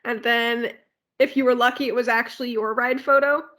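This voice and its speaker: A woman's voice: a little high, steady tone, brisk, pushed and bright. A woman co-hosting a podcast, casually walking through a theme park ride with plenty of fillers and asides. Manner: rambling ride walkthrough with filler words and asides. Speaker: podcast co-host.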